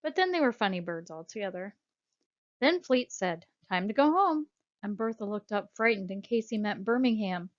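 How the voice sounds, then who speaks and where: A woman narrating a children's storybook in a measured, expressive reading voice. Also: medium pitch. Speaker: audiobook narrator. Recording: dull lo-fi audiobook recording.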